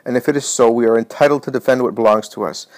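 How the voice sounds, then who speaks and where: A man reading as a menacing high priest. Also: fairly even intonation, fast talker, a little mellow, dry recording, natural voice. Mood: threatening. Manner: harsh, threatening. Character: menacing male high priest, arrogant and threatening.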